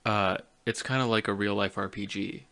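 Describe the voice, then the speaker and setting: Low-voiced man asking easygoing questions. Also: normal speed, creaky. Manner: relaxed, curious questions, easy laughs. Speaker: guest filmmaker. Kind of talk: casual conversation.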